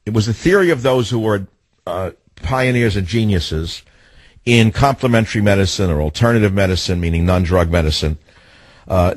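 A man's voice: on the low side, slightly rough, no echo. A man hosting a talk radio show, ranting in a scornful, combative way and cutting callers off. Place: radio studio.

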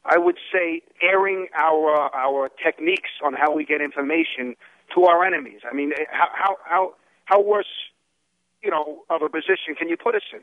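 A man calling in to a radio show, halting and stammering. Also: fairly high pitch, dry recording. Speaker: caller. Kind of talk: call-in radio. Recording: tinny phone line.

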